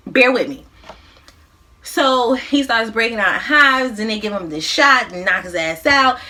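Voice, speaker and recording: A woman's voice: sits high, pushed and bright, a little hiss or hum. A woman in her thirties, a mukbang vlogger, casually recapping a movie plot while she eats, in a loose, profane, slangy way.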